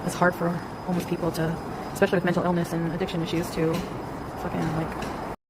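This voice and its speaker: A woman's voice: on the low side, monotone, fast. A woman filming herself outdoors on a city street, talking bluntly and crudely. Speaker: vlogger filmed in a clip. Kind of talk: casual outdoor vlog. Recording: loud street noise behind.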